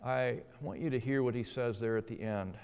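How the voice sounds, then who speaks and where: A man preaching a sermon, swinging between emphatic rises and hushed, slow passages. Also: mid-range voice, smooth. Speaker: pastor. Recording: long hall reverb.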